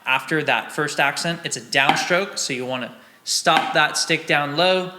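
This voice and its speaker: A young man walks through a snare drum exercise in a slightly high voice at a measured pace, encouraging the learner while counting and vocalizing the rhythms aloud. The drum lesson is recorded in a roomy space with drums, a metronome, and heavy background noise.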